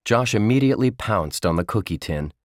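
A man narrating a children's book in a slow, measured storytelling manner. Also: lowish voice, expressive, no echo, clean studio sound. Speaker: audiobook narrator.

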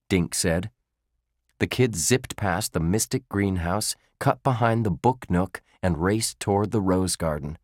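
A man narrating a children's chapter book in a measured, expressive storytelling manner. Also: deep voice, no room sound, clean studio sound. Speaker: audiobook narrator.

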